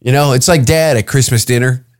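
A man's voice: medium pitch, fairly quick. Rambling foul-mouthed Canadian podcast man. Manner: crude rambling, swears freely, acts out quoted voices. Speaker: podcast host. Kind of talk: casual comedic monologue.

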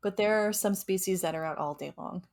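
A woman's voice: mid-range voice, fairly quick, a little mellow. A young adult woman, a researcher, chatting casually on a podcast and explaining with frequent laughs and restarts. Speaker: mosquito researcher and co-host.

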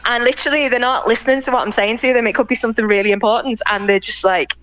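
A woman's voice: fairly high pitch, steady tone, racing, fairly bright tone, highs cut off. A British woman in a casual interview over a call, chatty and effusive, laughing often. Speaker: interview guest, pinup model. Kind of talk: casual chat. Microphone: call recording.

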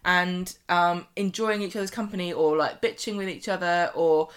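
A woman co-hosting a casual podcast chat, animated and laughing often, often trailing off mid-sentence. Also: fairly low pitch, moderate pace, smooth. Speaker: podcast co-host. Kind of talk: casual chat about a soap.

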